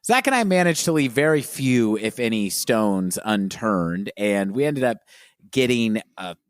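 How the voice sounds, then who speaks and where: A man co-hosting a podcast, introducing the new season in an earnest, lively way. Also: on the low side, measured pace, smooth, dry recording, studio quality. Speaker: podcast co-host. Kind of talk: casual podcast chat.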